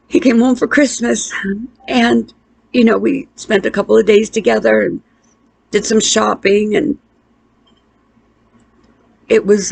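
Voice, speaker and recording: Middle-aged woman telling a hard family story, gravelly voice, halting with lots of restarts. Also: medium pitch, darkish tone, no room sound. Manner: halting, with restarts and pauses, emotional. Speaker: interviewee. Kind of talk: emotional personal storytelling.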